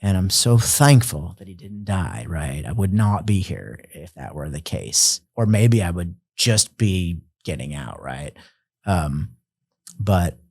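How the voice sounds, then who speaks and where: A man's voice: low-pitched, vocal fry, darkish tone, husky, dry recording, clean studio sound. A man sharing his personal testimony as a podcast guest, earnest and reflective, at times emotional.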